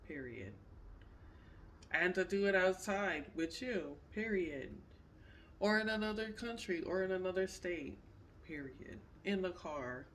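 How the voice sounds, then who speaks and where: Slow tarot reader, emphatic and repetitive, a little off-mic, faint background noise. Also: mid-range voice, a bit bright, recorded from a distance. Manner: repetitive, emphatic, says "period" often. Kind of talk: casual pick-a-card tarot reading.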